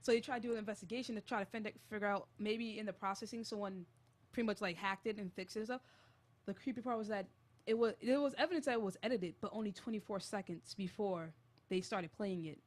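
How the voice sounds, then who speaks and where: On her college radio show, a young host recounts an eerie tale, sounding relaxed yet animated and jumpy. She speaks quickly in a mid-range voice.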